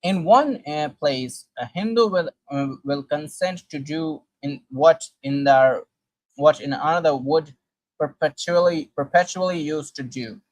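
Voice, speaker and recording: Halting man reading sources aloud. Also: a little high, no echo, low-quality recording. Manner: halting, with frequent restarts and fillers while reading. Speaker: commentator presenting sources.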